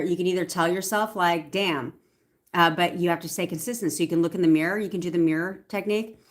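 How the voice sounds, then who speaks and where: A young woman answers viewers in a relaxed livestream. Her voice sits a little low, and she stays chatty and upbeat, repeating affirmations again and again. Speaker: manifestation coach. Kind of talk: casual livestream Q&A.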